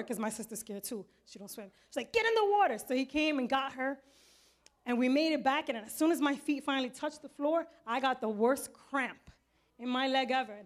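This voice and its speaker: A woman in her thirties telling a personal testimony to a congregation, earnest and vivid, acting out the voices in her story. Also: high voice. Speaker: church member giving testimony.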